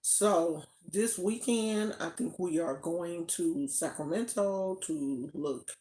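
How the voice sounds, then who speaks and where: An older woman hosts a spiritual channel livestream, chatting casually and rambling with fillers and restarts. Her fairly low, mellow voice moves slowly, and the recording has a roomy echo.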